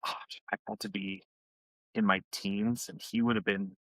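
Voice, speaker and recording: A man's voice: little pitch movement, normal speed, dry recording, rough recording. A young man co-hosting a podcast, telling family stories in casual chat and acting out quoted lines. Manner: storytelling, acts out quotes in high voices. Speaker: podcast co-host.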